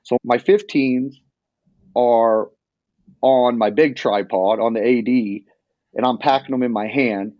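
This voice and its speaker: Brief: mid-pitched male storyteller, rambling and animated, dry, dull lo-fi podcast sound. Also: measured pace, no room sound. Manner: animated, rambling retelling with many restarts. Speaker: hunting guest telling a story. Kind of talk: casual storytelling.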